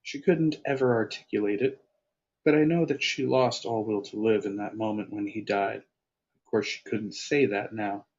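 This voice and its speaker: A man's voice: lowish voice, steady tone, normal speed, a little mellow. A man reading his own first-person story aloud, then chatting casually and self-deprecatingly about his writing. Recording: lo-fi, dull sound.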